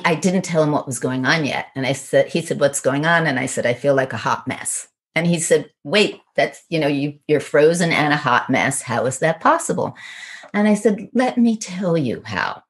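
A woman with a low, grounded voice tells a personal story on a podcast. She speaks earnestly and reflectively, acting out both sides of a remembered conversation. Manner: earnest, reflective, retells dialogue in quotes.

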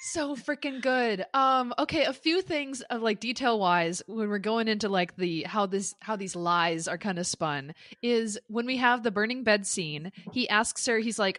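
A woman's voice: mid-range voice, normal speed, hardly any pauses, fairly bright tone, no echo, studio quality. A woman co-hosting a podcast in casual chat, giggly and acting out quoted lines. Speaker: podcast co-host.

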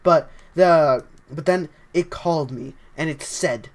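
A young man with a scratchy voice, livestreaming a game at home, chatting casually and excitedly while greeting his viewers. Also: a little high, unhurried. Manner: excitable, rambling, greets chat often. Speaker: livestreaming gamer.

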